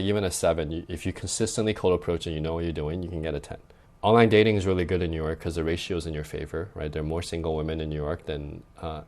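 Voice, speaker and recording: Deep and darkish in tone, this young adult dating coach talks loosely in a casual podcast chat, giving advice. He's conversational, using "like" often and tagging lines with "right?".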